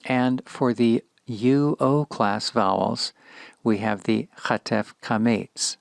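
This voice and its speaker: A man giving a slow, measured grammar lesson in a recorded lecture. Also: medium pitch, gravelly, no echo. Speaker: Hebrew teacher.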